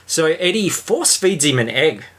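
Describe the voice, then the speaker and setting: A man's voice: on the high side, sing-song, measured pace, fairly bright tone. A man hosting a podcast, chatting casually and jokily about a book and its film, with a lot of fillers. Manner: rambling, jokey, lots of fillers. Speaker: podcast host.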